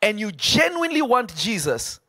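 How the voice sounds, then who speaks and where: Man preaching, high voice, emphatic, dry close sound. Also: normal speed, dry recording. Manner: animated, emphatic, asks and answers himself. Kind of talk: preaching on a podcast.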